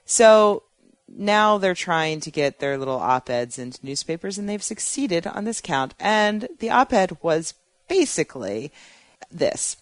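A woman's voice: lowish voice, very animated, a little slow, dry recording. A woman co-hosting a podcast in casual panel chat, talking in a chatty, sardonic way and laughing often. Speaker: podcast co-host.

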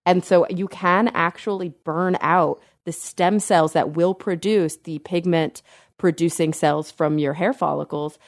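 A woman co-hosting a podcast, explaining science in a chatty way, thinking aloud with fillers and quick self-corrections. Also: lowish voice, steady tone, no room sound. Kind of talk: casual science chat.

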